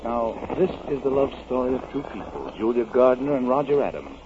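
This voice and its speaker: A man narrating the opening of an old radio drama in a measured announcer style. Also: mid-range voice, sing-song. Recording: dull old radio recording, heavy hiss.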